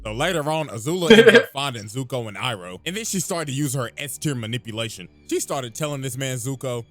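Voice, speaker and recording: A man's voice: a little high, sing-song, a little fast, hardly any pauses, a bit bright. A young man giving a profane, joking recap of a cartoon full of slang. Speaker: video host. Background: music.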